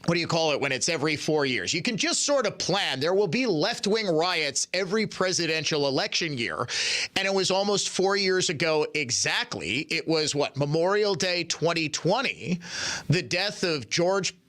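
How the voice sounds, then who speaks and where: Sardonic bright-voiced male radio host. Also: on the high side, lively intonation, moderate pace. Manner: sardonic, mocking asides; reads listener messages aloud. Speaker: radio talk show host. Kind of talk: political talk radio monologue.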